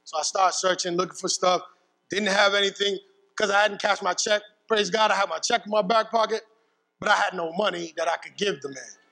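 A man preaching from the pulpit, telling a personal story in a lively, casual way with bits of slang. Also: high-pitched, brisk, gravelly, in a large hall, poor audio. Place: church pulpit.

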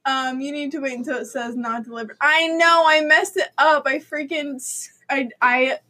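A high-pitched young woman hosts a casual talk show. She tells stories with animation, acts out quotes and laughs often. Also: fairly even intonation, normal speed, sharp tone. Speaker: host. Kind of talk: casual chat.

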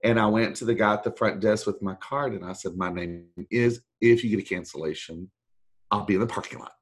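A middle-aged man, a voice actor guest telling a long story in a rambling, animated way and acting out the people he quotes. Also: on the low side, brisk. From Texas. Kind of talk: storytelling anecdote.

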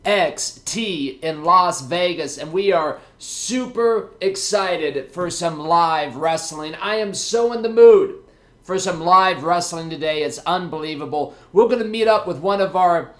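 A young man hosting a casual podcast to camera, energetic and jokey as he chats with his viewers. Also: sits high, a little slow. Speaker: podcast host. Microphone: camera mic.

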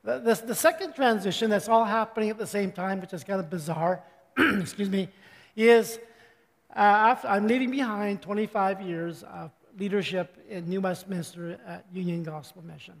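An older man giving a chatty, joking sermon as a pastor, his voice slightly hoarse and often interrupted by throat clearing. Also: sits high, normal speed, in a large hall.

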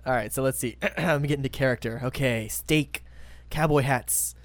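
A man's voice: mid-range voice, normal speed, no room sound. A man hosting a casual anime podcast, laid-back and laughing often. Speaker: podcast host.

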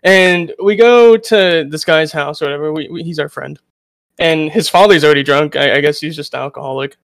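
A man's voice: a little high, moderate pace, a bit bright, no echo. A man telling a rambling story in casual podcast chat, full of restarts.

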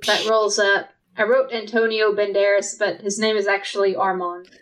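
A woman's voice: medium pitch, little pitch movement, normal speed, rough recording. A woman co-hosting a casual movie podcast, explaining scenes carefully and giggling now and then. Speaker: podcast co-host. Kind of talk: casual movie recap chat.

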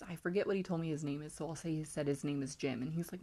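A woman's voice: deep voice, steady tone, fast, few pauses, warm tone. A young woman from California casually telling a creepy personal story, rambling with lots of likes and ums. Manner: rambling, heavy use of like and um. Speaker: podcast host.

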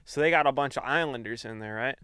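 A man's voice: fast, clean tone, no room sound, clean studio sound. A young man co-hosting a podcast, rambling through a long story in casual chat. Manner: rambling storyteller, lively swings in pitch. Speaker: podcast co-host.

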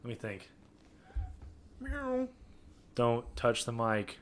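Young male podcast host, playful and jokey, mid-pitch. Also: huge pitch swings, slow. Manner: joking, laughs often, playful sing-song riffs. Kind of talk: casual chat.

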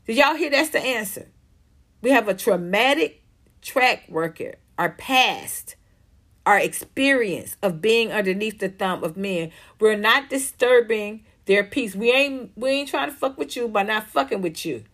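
Reading chat comments aloud during her casual livestream commentary, this host fires back blunt, emphatic, profanity-heavy answers. Her mid-range voice is slightly bright and animated, and she takes her time.

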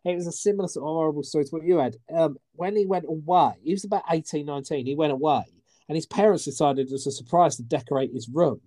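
Relaxed male podcast co-host. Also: on the high side, fast. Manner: relaxed, chipping in with short reactions. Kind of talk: casual chat.

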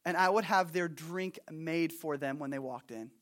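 A young man preaching a sermon in a conversational, animated way, acting out little asides. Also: a little high, moderate pace. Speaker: pastor.

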